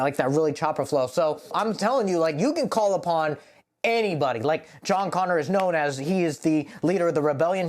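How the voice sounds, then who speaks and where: A man talking casually as a rapper, explaining the meaning of his own lyrics in a rambling, profane way, full of "like.". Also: a little high. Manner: rambling, profane, heavy use of "like". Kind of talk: casual lyric breakdown to camera.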